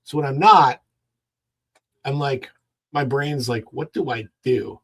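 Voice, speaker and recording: A man's voice: medium pitch, takes it slowly, breathy edge, dry recording. A man hosting a casual home livestream who rambles and greets chat viewers one by one. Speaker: livestream host.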